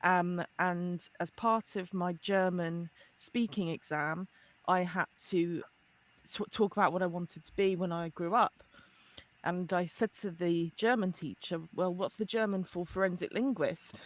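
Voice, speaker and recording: A middle-aged woman, a forensic linguist, telling an animated story as a podcast guest with frequent laughs and restarts. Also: fairly low pitch, unhurried. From United Kingdom. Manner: lively, laughs often, many restarts.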